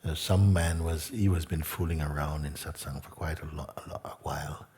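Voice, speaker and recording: Male spiritual teacher, very deep, soft-spoken storyteller. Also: fairly even intonation. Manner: gentle, unhurried, drops to a whisper. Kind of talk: satsang talk and storytelling.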